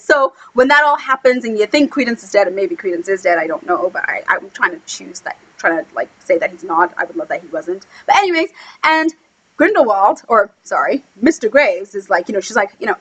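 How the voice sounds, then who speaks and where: A woman chatting casually in a film review vlog, gushing and excitable, full of "like" fillers, acting out quotes with sudden squeals. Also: fairly quick, breathy edge, rough recording. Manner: acts out quotes with sudden high squeals and whispers. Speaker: book blogger reviewing a film. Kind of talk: casual chat.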